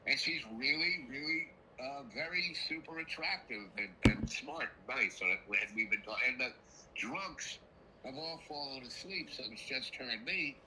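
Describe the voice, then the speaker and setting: A man's voice: mid-range voice, moderate pace, far from the mic, noisy background. An older man telling a meandering personal story that jumps around in time. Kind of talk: rambling personal anecdote.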